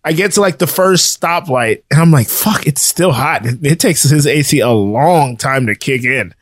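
A male podcast co-host with a mid-range voice talks at a moderate pace, captured in studio quality with no room sound. The chat is casual, and he tells animated stories while swearing freely and laughing often.

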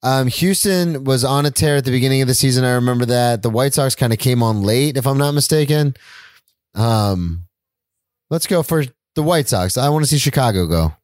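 A man co-hosting a casual sports podcast, giving his picks in a relaxed, hesitant way with many uhs and ums. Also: medium pitch, normal speed, no echo, studio quality. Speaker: podcast co-host.

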